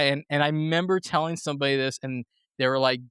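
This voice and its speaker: A man's voice: mid-range voice, steady tone, quick pace, a bit bright, clean tone, dry recording, studio quality. A man hosting a movie podcast, telling a story in casual chat with swearing and laughter. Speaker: podcast host.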